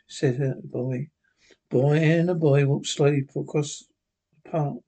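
A man reading a classic horror story aloud in a plain, steady storytelling voice, with occasional slips. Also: on the high side, unhurried, slightly rough. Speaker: narrator.

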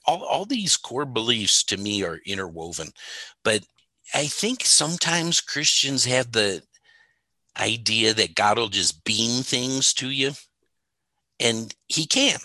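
Slow, bright-voiced man telling Bible stories. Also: mid-range voice, no echo. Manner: storytelling, emphatic, laughs often. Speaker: Bible teacher, co-host. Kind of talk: casual conversational theology talk.

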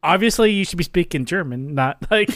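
A man's voice: high-pitched, expressive, fairly quick, fairly bright tone, no room sound, clean studio sound. A man co-hosting a podcast, casually chatting about a film and acting out bits of its dialogue. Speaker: podcast co-host. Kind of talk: casual movie-discussion chat.

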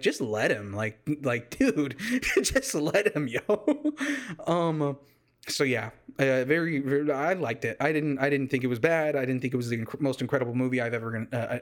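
A young man from Texas chats on his own podcast at a mid-range pitch. He rambles in a loose, joking way, restarting sentences and padding them with lots of fillers. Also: fairly quick. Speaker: podcast host. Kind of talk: casual solo podcast chat. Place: warm home room with a fan running.

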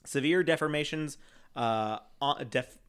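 A man's voice: fairly high pitch, unhurried, fairly bright tone, clear, resonant tone. A man hosting a casual comedic chat, reading out facts with stumbles and joking asides. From United States. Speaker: podcast host presenting the topic.

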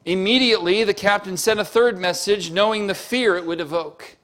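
A man's voice: high-pitched, a little fast, a bit bright. A man preaching a sermon as pastor, telling stories to the congregation and building to emphatic peaks. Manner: preaching with rising emphatic peaks and story asides; addresses congregation with show-of-hands questions.

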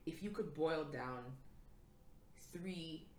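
A woman's voice: low-pitched, very slow, darkish tone, echoey room, a little hiss or hum. A woman hosting a podcast in a casual, heartfelt chat, affirming her guest often. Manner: affirming, frequent "correct". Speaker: podcast host.

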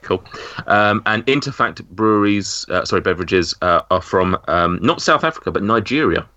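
A man's voice: low-pitched, lively intonation, moderate pace, sharp tone, dry recording. A man hosting a casual podcast quiz, reading out answers in a jokey way with lots of fillers. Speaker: quizmaster host. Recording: dull lo-fi mic.

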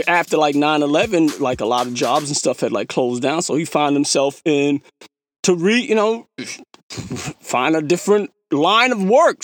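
A man's voice: on the high side, dry recording. A man hosting a podcast, telling stories in a casual, slangy way, acting out his own past remarks and laughing at himself. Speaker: podcast host. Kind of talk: casual storytelling monologue.

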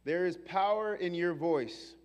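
A high-voiced man from New York preaches with animated, fervent energy, slipping into the voices of the people he quotes. His voice carries the long reverb of a large hall. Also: a little slow. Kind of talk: sermon.

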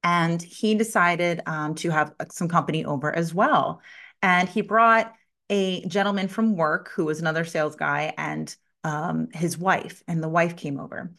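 Middle-aged woman, podcast host, lowish voice, animated personal storyteller. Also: moderate pace. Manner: animated storyteller, acts out quoted voices, laughs often. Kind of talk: personal storytelling and spiritual talk.

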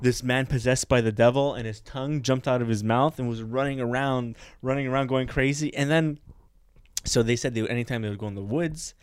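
A man's voice: mid-range voice, fairly even intonation, a little fast, smooth, no room sound. A man co-hosting a casual comedy podcast, telling a rambling story, swearing freely and laughing often. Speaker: podcast co-host.

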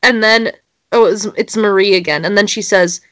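A woman's voice: medium pitch, normal speed, a bit bright, no room sound. A young woman, co-hosting a casual chat and reading social media posts aloud. She giggles and swears freely.

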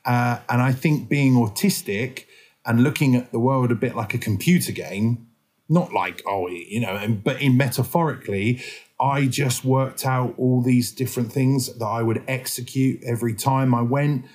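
Rambling English actor in casual chat. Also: male voice, mid-range voice, normal speed, darkish tone, slightly rough. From England. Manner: rambling, many fillers and restarts. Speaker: actor guest.

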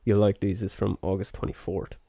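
A man's voice: lowish voice, little pitch movement, fairly quick, creaky, warm tone, husky, dry recording, studio quality. A man hosting a podcast in casual chat, chatty with many fillers. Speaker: podcast host.

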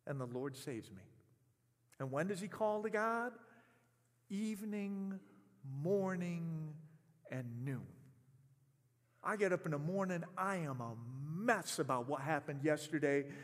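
A man's voice: on the high side, fairly bright tone, in a large hall. A man preaching a sermon in an impassioned, conversational way, often repeating words as he speaks. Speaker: pastor.

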